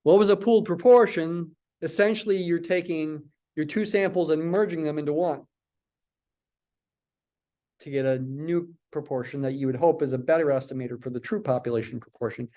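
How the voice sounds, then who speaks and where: A man's voice: on the high side, moderate pace, dark tone. A man teaching a statistics lecture, stressing points by repeating words and asking and answering his own questions. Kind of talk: recorded math lecture.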